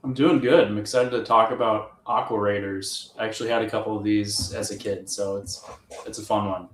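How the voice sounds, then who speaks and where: A man's voice: on the low side, steady tone, brisk. An upbeat, joking man joins a livestream as a guest. His voice comes from a distance in a roomy space, with faint background hiss under it. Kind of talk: casual livestream chat.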